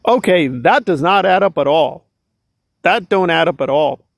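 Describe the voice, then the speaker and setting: A man's voice: on the high side, animated, normal speed, vocal fry, no room sound. A man giving casual, exasperated commentary, sarcastic and full of filler likes. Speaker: commentary vlogger.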